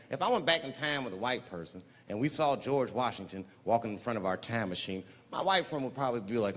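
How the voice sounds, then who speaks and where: A man doing a stand-up comedy routine, animated and loud, leaping into high shouted voices. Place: large theater stage with audience. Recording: live hall recording, audience noise.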